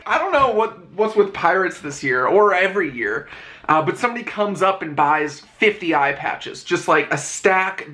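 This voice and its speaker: A man with a hoarse, worn-out voice, telling stories in a casual vlog and laughing often. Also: fairly high pitch, bright, forceful tone. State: hoarse, lost voice. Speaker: vlogger.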